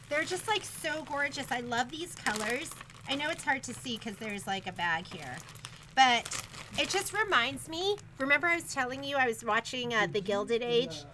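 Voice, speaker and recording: A woman's voice: high-pitched, pushed and bright, a little hiss or hum. A woman who teaches sewing, giving a chatty, rambling shop update in an upbeat way.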